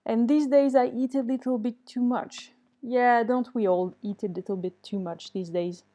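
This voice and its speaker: A woman runs an online English lesson, reading students' answers and responding with gentle encouragement. Her voice sits fairly high yet sounds mellow and warm. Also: steady tone, moderate pace. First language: French. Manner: reads student answers aloud and comments kindly; switches to French to correct mistakes. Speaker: English teacher.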